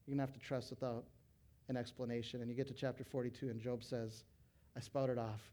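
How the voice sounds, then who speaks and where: A middle-aged male pastor preaching to fellow pastors, animated, breaking into loud acted quotes. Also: medium pitch, fast talker. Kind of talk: sermon to pastors.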